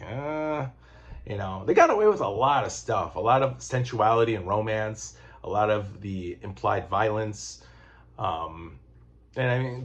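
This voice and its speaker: A man casually reviewing comic books, rambling and excitable, swearing freely and restarting his sentences. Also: on the low side. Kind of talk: casual chat.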